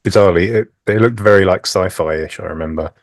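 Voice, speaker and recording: Very deep-voiced wry man. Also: brisk, no echo, studio quality. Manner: relaxed, wry, swears casually. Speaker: podcast co-host. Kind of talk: casual chat.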